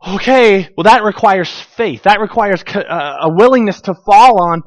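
A middle-aged male pastor preaching a sermon, telling stories with lively, acted-out quotes. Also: high voice, normal speed, dry recording. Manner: animated storytelling, acts out family quotes. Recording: dull, dry sound.

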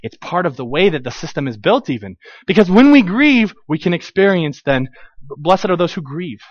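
A man preaching a conversational sermon as a pastor, animated, acting out quoted voices with frequent restarts. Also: fairly high pitch, no room sound, muffled recording.

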